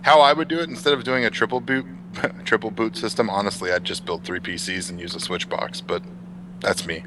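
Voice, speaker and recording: A man's voice: on the low side, fairly even intonation, brisk, noisy background. A man appearing as a guest on a tech livestream, giving laid-back, offhand opinions. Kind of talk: casual tech livestream chat.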